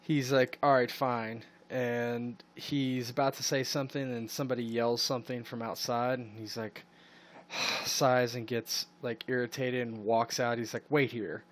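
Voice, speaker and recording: A man narrating a tabletop role-playing game as game master, rambling through scenes with frequent hesitations. His voice sits at an ordinary middle pitch. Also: flat delivery, measured pace. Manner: rambling, full of ums and "you know".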